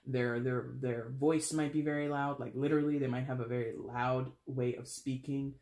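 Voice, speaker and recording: Speaking at normal speed in a mid-range, slightly mellow voice with fairly even intonation, this tarot reader keeps things casual. His delivery is blunt, wry and chatty, packed with fillers, and the recording carries a roomy echo.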